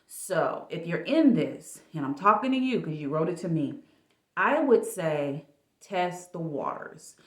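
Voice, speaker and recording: Niski, gadatliwy kobiecy głos w pogłosie. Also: female voice, lowish voice, unhurried. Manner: chatty, casual, animated. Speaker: life coach. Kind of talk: advice vlog. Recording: echoey room.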